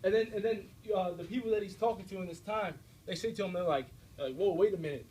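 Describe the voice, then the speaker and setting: A young American man giving an energetic, direct faith talk to a student audience, often checking in with his listeners. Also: high-pitched, fast talker, slightly rough, rough recording. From United States. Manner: energetic, direct, preachy, with frequent checks like "all right?". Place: university room before an audience.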